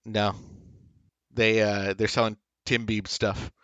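A man's voice: fairly low pitch, flat delivery, takes it slowly, fairly bright tone, clear, resonant tone, no echo. A man co-hosting a podcast, chatting casually in a rambling way and swearing offhand. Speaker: podcast co-host. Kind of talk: casual chat. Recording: dry, dull lo-fi mic.

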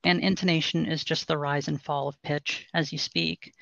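Gravelly-voiced woman voice coach, dry and dull. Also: deep voice, dry recording. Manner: calm, instructive, measured explanations. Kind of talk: podcast interview, explaining voice training.

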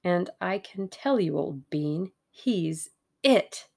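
A cheerful, steady young man speaks in brisk, plain sentences. His voice sits low and gravelly, as a woman reading an audiobook voices him. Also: full character voice.

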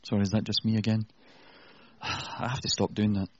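A man's voice: lowish voice, flat delivery, normal speed, muffled recording. A man preaching an earnest, conversational sermon with self-deprecating asides.

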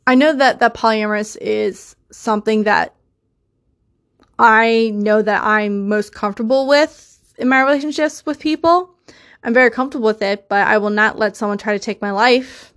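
A woman's voice: a little high, fairly bright tone. A young woman hosting a solo podcast, talking in an emotional, insistent way and swearing often. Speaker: podcast host.

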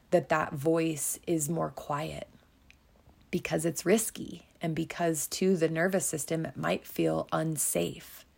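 A woman talks slowly and gently, her lowish voice carrying a gravelly edge. She hosts a reflective self-help podcast, encouraging the listener and at times softening into a whisper. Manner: slow, soothing and encouraging, dropping to a whisper at times. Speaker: podcast host.

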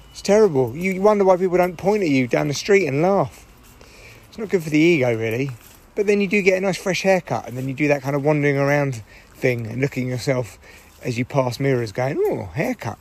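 Recording alone in a parked car, this middle-aged podcast host chats in a rambling, cranky way and curses freely. His voice is fairly high in pitch and hoarse from shouting.

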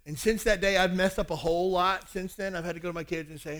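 Storytelling man preaching, higher voice. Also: fairly even intonation, quick pace, hardly any pauses, fairly bright tone. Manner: storytelling, acts out family dialogue. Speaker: pastor. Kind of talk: sermon with personal stories.

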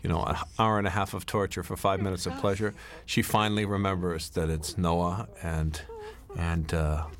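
Middle-aged man, very low voice, rambling director's commentary with lots of uhs and restarts. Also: little pitch movement, moderate pace. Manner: rambling, anecdotal, many fillers and restarts. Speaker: film director. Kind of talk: DVD commentary.

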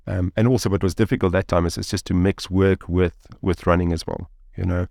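Low, gravelly man. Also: fairly quick, dry recording, studio quality. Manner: animated, rambling with many fillers like "like" and "you know". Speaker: guest. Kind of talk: storytelling in an interview.

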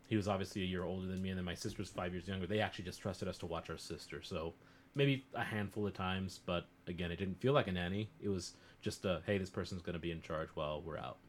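A man's voice: sits low, fast talker, slight background noise. A young man co-hosting a casual podcast, joking and loose. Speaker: podcast co-host. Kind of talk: casual chat.

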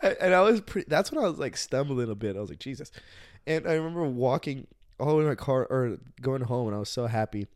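A man's voice: mid-range voice, expressive, fast. A man co-hosting a podcast, telling his side of a story in casual chat with a sheepish, giggly manner. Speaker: podcast co-host.

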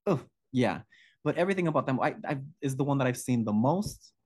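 A man's voice: mid-range voice, animated, brisk, a little mellow. A male podcast co-host chatting about horror films, effusive and gushing, often breaking off mid-sentence.

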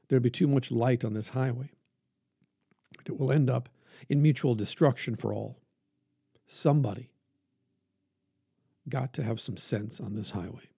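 A male preacher talking earnestly with measured pauses, then reading a sermon aloud with rising emphasis. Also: medium pitch, gravelly, dark tone, husky, no room sound, clean studio sound. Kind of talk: podcast reflection and sermon reading.

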